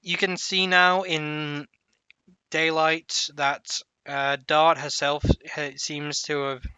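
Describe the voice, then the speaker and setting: A man narrating a tabletop game as game master in an unhurried, halting descriptive way. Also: a little high, flat delivery, pushed and bright, clear, resonant tone, no room sound.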